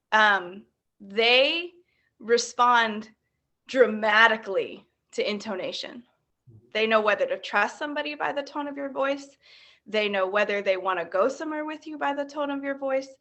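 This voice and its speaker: Earnest woman in a group chat, bright high-ish voice, lots of "like"s. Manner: earnest, many "like" fillers. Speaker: fellowship member sharing. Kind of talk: casual discussion.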